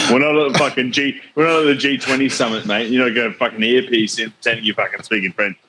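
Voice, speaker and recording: A man's voice: medium pitch, fairly even intonation, fairly quick, sharp tone, slight background noise. A young Australian man co-hosting a podcast, teasing his mate and swearing freely in casual banter. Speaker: podcast co-host.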